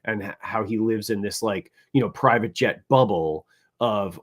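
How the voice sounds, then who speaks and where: A man's voice: lowish voice, moderate pace. Man co-hosting a talk panel, tagging points with "right?". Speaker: co-host. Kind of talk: casual panel discussion.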